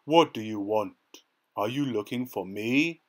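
A man voicing an old male wizard, booming at first and then sheepishly explaining himself. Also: moderate pace, lightly acted.

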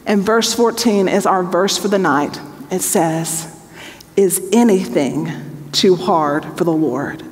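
A woman's voice: medium pitch, measured pace, long reverb tail. A woman Bible teacher leading an evening study, who reads scripture aloud and then explains it in a chatty, joking way.

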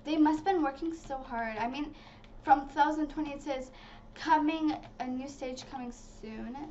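A woman giving casual, excitable commentary while playing a video game, talking to her viewers. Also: high-pitched, moderate pace. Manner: chatty and excitable, talks to viewers as "guys". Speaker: gaming channel host. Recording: slightly dull lo-fi audio with faint noise.

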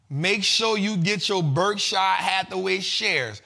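A man hosting a casual finance show, talking in a loose, slangy, animated way and laughing often. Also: high-pitched, slow pace, creaky, few pauses.

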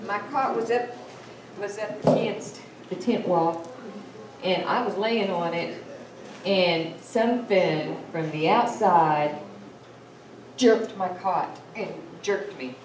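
Slow-talking woman, heard from across the room. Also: on the low side, darkish tone. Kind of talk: casual storytelling. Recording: echoey room, mic at a distance, faint noise.

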